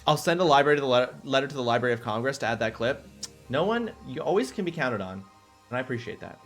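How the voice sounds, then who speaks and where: A man's voice: mid-range voice, fast, faint music behind. Chatty young streamer man. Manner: chatty, excitable, responding to chat. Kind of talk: casual live-stream chat.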